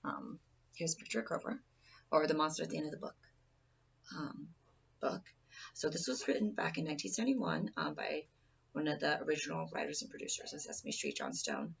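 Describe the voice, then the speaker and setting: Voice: medium pitch, very animated, a little fast, vocal fry, fairly bright tone, breathy edge, highs cut off. A person giving an informal presentation speech in a rambling, casual way, often restarting sentences, recorded from a distance.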